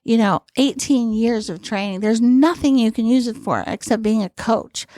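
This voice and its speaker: A woman in her sixties, a guest comedian, tells lively stories in a podcast interview. She slips into other people's voices as she acts out the scenes. Her voice sits fairly high, and the recording is dry and close. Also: normal speed, no echo. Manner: lively anecdotal storytelling, acting out quoted voices.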